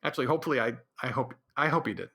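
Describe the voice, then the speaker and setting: A man's voice: medium pitch, lively intonation, very fast, vocal fry, bright, forceful tone. A man hosting his own podcast, rambling through his opinions in an offhand ranting way, with frequent restarts. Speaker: podcast host. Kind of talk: casual solo podcast monologue.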